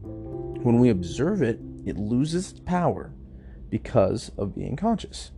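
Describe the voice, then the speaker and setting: A man hosting a casual podcast, talking through a self-help book in an upbeat, chatty way, with a slightly rough morning voice. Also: medium pitch, big pitch swings, takes it slowly, over music. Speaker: podcast host.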